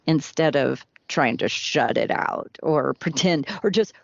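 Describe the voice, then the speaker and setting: Lady coach talking slow and earnest, kinda low voice, dry dull audio. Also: animated, gravelly, no room sound. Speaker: soulmate coach. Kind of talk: podcast interview.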